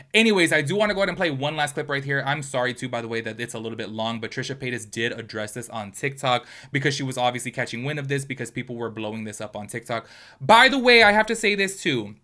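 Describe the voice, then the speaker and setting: A man's voice: mid-range voice, pushed and bright. A man hosting a drama commentary channel, talking bluntly and chattily with strong opinions.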